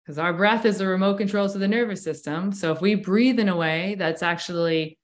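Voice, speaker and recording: A woman's voice: mid-range voice, fairly quick. A woman who coaches breathwork and cold exposure, explaining enthusiastically in a casual interview with long flowing sentences.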